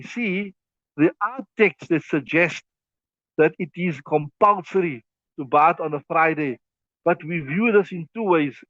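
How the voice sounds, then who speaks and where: A man's voice: on the high side, dry recording. A man teaching a class on an Islamic legal text, explaining it step by step and often checking "right?" with his students. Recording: thin phone-like dry recording.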